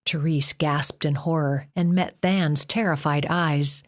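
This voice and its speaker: Woman reading an audiobook, lowish voice, takes her time. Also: steady tone. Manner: slow, measured reading. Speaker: audiobook narrator. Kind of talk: scripted narration.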